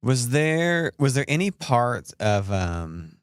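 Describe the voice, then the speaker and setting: A male host with a mid-pitched voice that swings widely in pitch, asking eager follow-up questions in a relaxed interview. The sound is close and dry, with no room echo. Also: clean tone. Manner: lively, quick follow-up questions, laughs easily. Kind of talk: casual interview.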